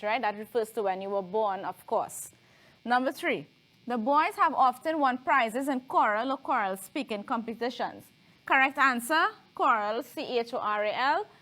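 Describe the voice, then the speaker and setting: A woman's voice: on the high side, a bit bright. A woman teaching a televised lesson, explaining patiently and often checking in with tag questions.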